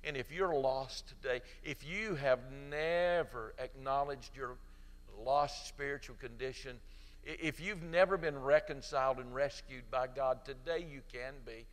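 A middle-aged man preaching a sermon as pastor, swinging from loud emphatic peaks to soft pleading, and leading an altar-call prayer. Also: mid-range voice, a little slow, long reverb tail.

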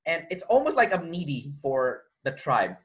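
A man's voice: a little high, moderate pace. A man being interviewed, telling a personal story in casual conversation and acting out the lines of the people in it. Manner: animated, acts out quoted dialogue, frequent restarts. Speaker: interview guest.

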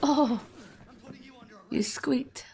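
A woman's voice: high voice, extremely slow, vocal fry, dark tone. A woman making dry, teasing remarks while reacting to game trailers. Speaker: co-host of the reaction. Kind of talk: casual live reaction commentary.

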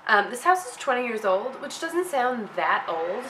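A woman vlogging casually from her home office, rambling and digressing, her voice deep and nasal from a cold. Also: very animated, moderate pace, noisy background. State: congested from a cold. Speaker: blogger. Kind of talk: casual rambling vlog chat. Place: home office with windows open.

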